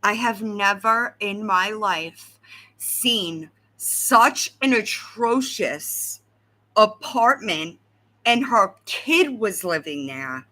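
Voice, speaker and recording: A woman hosting a casual livestream, talking straight to her viewers in an animated, conversational way and often checking in with "right?". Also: medium pitch, takes it slowly. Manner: animated, talks to chat, frequent "right?". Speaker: livestream host.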